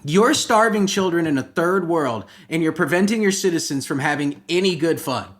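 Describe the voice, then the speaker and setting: A man hosting a comedy podcast, ranting satirically in a rambling, profane way that keeps jumping into loud mock outrage. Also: fairly high pitch, lively intonation, normal speed. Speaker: podcast host.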